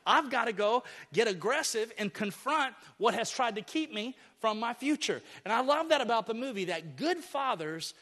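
A man's voice: high voice, a bit bright. A middle-aged man preaching a sermon as pastor, earnest and building to emphatic peaks. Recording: reverberant hall.

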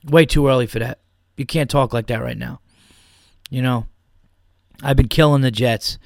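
A man's voice: mid-range voice, steady tone, moderate pace, gravelly, no echo, clean studio sound. A man hosting a podcast, ranting about football in a heated, profane way and repeating his points. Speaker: podcast host. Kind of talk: opinionated sports rant.

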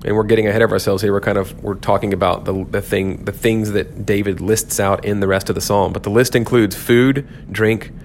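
Low gravelly guy doing a podcast bible talk, earnest and reflective, faint noise under it. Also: steady tone, fairly quick, few pauses, a little mellow. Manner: earnest, reflective preaching with emphatic repetition. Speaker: podcast host teaching on scripture.

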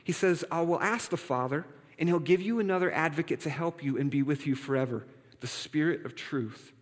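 A man's voice: a little high, fairly quick. Man preaching in a reverberant hall. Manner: conversational, playful asides to congregation. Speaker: pastor. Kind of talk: sermon.

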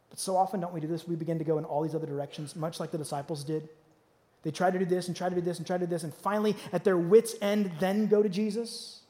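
A male pastor preaching a sermon, swinging from loud, pressing lines to hushed, quiet ones. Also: high voice. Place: church auditorium. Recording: long reverb of a large hall.

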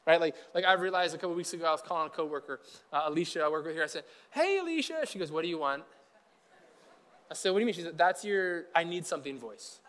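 A man's voice: a little high, steady tone, rapid-fire, fairly bright tone. A man preaching a casual, conversational sermon as pastor, chatty and acting out quotes from Bible figures in everyday speech.

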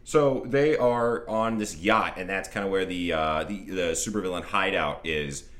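A man co-hosting a casual chat, retelling a film scene in a relaxed, emphatic way. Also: sits low, unhurried. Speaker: podcast co-host.

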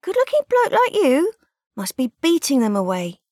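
A woman's voice: high voice, lively intonation, normal speed, no room sound, clean studio sound, voice pushed up. A woman doing a cheeky young stall girl. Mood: cheeky, teasing.

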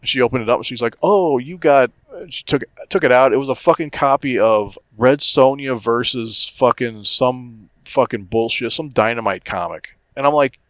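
A man's voice: mid-range voice, moderate pace, few pauses, dry recording. A middle-aged man co-hosting a casual podcast, telling a story in a profane, worked-up rant. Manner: profane, ranting storyteller who gets worked up. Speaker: podcast co-host.

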